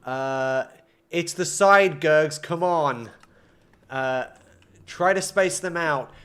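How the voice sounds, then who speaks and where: A man's voice: on the high side, extremely slow, fairly bright tone, clean tone. A man streaming a game live, talking to himself and his chat in an exasperated way as his builds fail. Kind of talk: live-streamed gameplay commentary.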